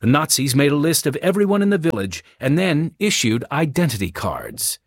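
Expressive male audiobook narrator. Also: fairly high pitch, normal speed, dry recording.

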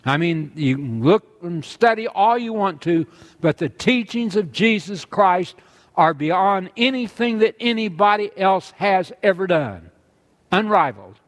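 A man's voice: high-pitched, expressive, a little slow. A man preaching a sermon, earnestly reading scripture aloud and driving his points home with emphasis.

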